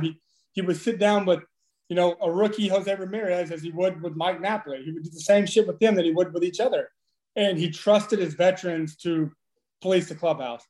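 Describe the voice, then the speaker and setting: A man in his thirties swaps profane baseball stories in a loose, animated way, often breaking into laughter. His voice sits fairly high for a man. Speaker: former baseball player, podcast guest. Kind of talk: casual storytelling chat.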